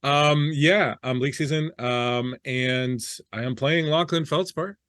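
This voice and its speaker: A man's voice: mid-range voice, takes it slowly, a bit bright, no echo, clean studio sound. A man with a French Canadian accent, a player on a tabletop game podcast, talking in a joking, rambling way. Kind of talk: casual podcast chat.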